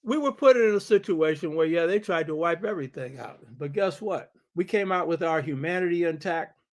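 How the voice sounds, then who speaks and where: A man with a notably high voice gives a spirited lecture as host of his own show. He talks in a preacherly, emphatic way, pressing listeners with quick rhetorical questions and hammering home key phrases by repetition. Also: animated. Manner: repeats key phrases for stress. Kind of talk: lecture on history and culture.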